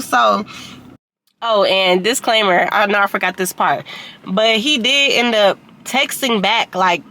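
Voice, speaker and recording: A young woman vlogger tells a casual storytime in a medium-pitched voice that's bright and forceful yet unhurried. She's chatty, leaning heavily on "like," slang and fillers, with slight background noise in the recording.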